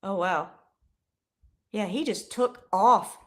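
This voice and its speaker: A young woman livestreams casual play-by-play of a football game, chatting and rambling before breaking into excited yelling. She speaks at a medium pitch and a slow pace.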